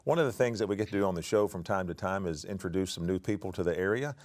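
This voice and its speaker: A man's voice: low-pitched, quick pace. A man from Louisiana hosting a local TV interview show in a friendly, folksy manner. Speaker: host.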